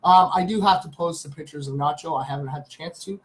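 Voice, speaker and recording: Canadian male streamer, relaxed rambling host chatter. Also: a little high, quick pace, poor audio. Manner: chatty, greets viewers by name, rambling. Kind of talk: casual live stream chat.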